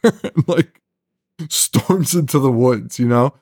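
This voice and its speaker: A man recapping a horror movie in casual podcast chat, animated and profane, laughing often as he retells scenes. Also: medium pitch, slow, no room sound, clean studio sound. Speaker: podcast co-host.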